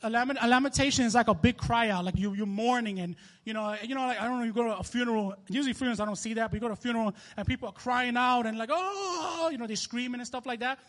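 A man's voice: extremely high pitch, fairly even intonation, racing, hardly any pauses, fairly bright tone. A man in his twenties with a New York accent, giving a casual, conversational sermon with frequent restarts and laughter. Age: 20s. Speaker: minister.

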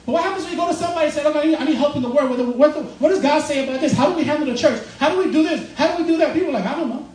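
A man's voice: very high-pitched, rapid-fire, a little mellow. A man preaching a sermon as pastor, casual and joking, often laughing as he talks. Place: church. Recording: roomy, distant mic with faint noise.

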